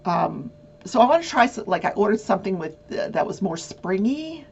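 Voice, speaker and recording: A talkative woman hosts a home crafting chat show, rambling on with lots of fillers and restarts. Her voice has a gravelly, creaky edge. The recording sounds dull and lo-fi. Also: sing-song, fairly quick, darkish tone. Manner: jumps to high squeals when acting out her own reactions. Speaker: host of a crafting talk show. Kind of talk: casual chat.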